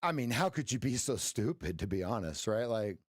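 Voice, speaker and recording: A middle-aged man hosts a live trading stream, chatting casually with viewers, cracking jokes and offering folksy pep talks. His voice sits lowish with a breathy edge, very animated at a normal speed. The recording is studio quality with no echo.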